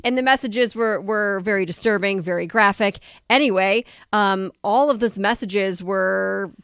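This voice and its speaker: A woman's voice: mid-range voice, a little slow, a bit bright, clear, resonant tone, dry recording. Female radio news reader, chatty and loose, dry studio mic. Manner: conversational, loose reading with fillers. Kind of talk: casual radio news update. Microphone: studio microphone.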